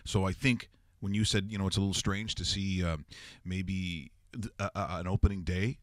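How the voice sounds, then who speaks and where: A man's voice: sits low, fairly even intonation, normal speed, fairly bright tone, no echo. A man hosting a casual sports talk show, telling stories in a joking way and putting on voices. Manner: jokey storyteller, puts on voices. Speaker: show host. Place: studio.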